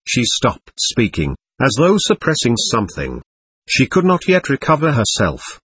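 Husky male audiobook narrator. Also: medium pitch, wildly swooping pitch, unhurried, fairly bright tone, dry recording. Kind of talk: scripted narration of a novel.

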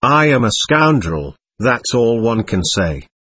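A man's voice: medium pitch, sing-song, slow pace, sharp tone, slightly rough, dry recording, exaggerated voice. A man voicing a passionate, anguished young prisoner, speaking fervently and pleadingly.

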